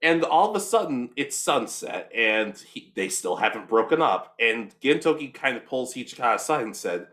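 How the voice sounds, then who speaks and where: A young man co-hosting a casual anime talk show, retelling an episode with quick voices for the characters. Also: mid-range voice, big pitch swings, a bit bright. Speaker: podcast co-host.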